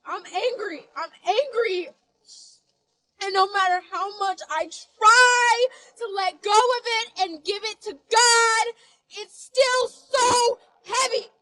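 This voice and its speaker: A woman crying as she speaks in an emotional confession video, breaking into shouts. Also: very high-pitched, slow, poor audio. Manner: tearful, shouting outbursts.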